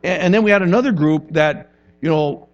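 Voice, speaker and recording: A man's voice: fairly high pitch, a little fast, muffled recording. A male pastor giving a conversational sermon, often acting out quotes from people in his stories. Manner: conversational and animated, with acted-out quotes.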